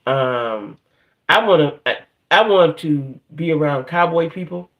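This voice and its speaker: Man, livestream host, higher-pitched, loose rambling chat style. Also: animated, measured pace, phone-quality sound. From northern United States. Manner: rambling, chatty, keeps checking in with "right?" and "y'all".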